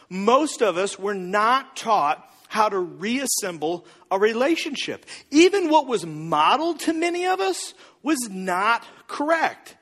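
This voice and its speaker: A man preaches with a very high, bright, forceful voice that rises and falls in wide swings as he acts out the people he quotes in comic voices. The sound rings through a large hall with a long reverb behind it. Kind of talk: sermon.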